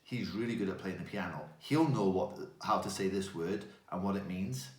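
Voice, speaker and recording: A man giving a playful, animated talk to children. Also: sits low, normal speed, reverberant. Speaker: children's speaker.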